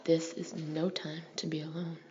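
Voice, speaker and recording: A woman's voice: low voice, little pitch movement, moderate pace. A woman narrating a first-person novel in a whispered audiobook reading, intimate and wry. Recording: dull lo-fi recording with faint hiss.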